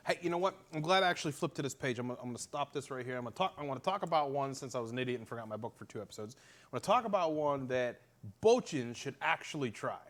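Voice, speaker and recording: A man's voice: mid-range voice, lively intonation, rapid-fire, fairly bright tone. A man with a Pittsburgh accent hosting a casual talk show, telling stories animatedly and swearing freely. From Western Pennsylvania. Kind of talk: casual chat.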